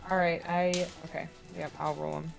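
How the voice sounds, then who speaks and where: A woman's voice: on the low side, level tone, takes it slowly, vocal fry, faint music behind. A woman player in a tabletop game, chatting casually and a bit hesitant, laughing easily.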